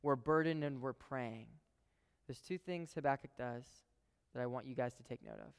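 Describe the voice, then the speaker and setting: Preacher, male, smooth resonant voice; casual but emphatic delivery, repeats lines for weight; long hall echo. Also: mid-range voice, normal speed. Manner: emphatic, conversational, repeats phrases for stress. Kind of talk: sermon.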